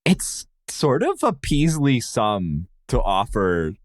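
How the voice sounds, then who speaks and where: A man's voice: medium pitch, huge pitch swings, takes it slowly, no echo, studio quality. A man co-hosting a podcast in casual chat, amused and rambling, with many "like"s. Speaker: podcast co-host.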